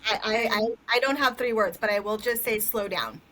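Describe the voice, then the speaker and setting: A woman's voice: on the high side, brisk, bright, forceful tone, slight background noise, poor audio. A woman guest in a casual interview who laughs easily and stumbles over her words. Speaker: doula and company cofounder guest.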